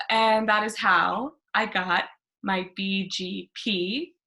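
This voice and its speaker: A young woman performs a stand-up set from her living room over a video call. Her voice is bright and forceful, with a middling pitch. She mocks herself and keeps breaking into laughter at her own lines. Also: steady tone, takes it slowly. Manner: self-mocking, laughs through her punchlines. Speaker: stand-up comedian. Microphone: webcam on a video call.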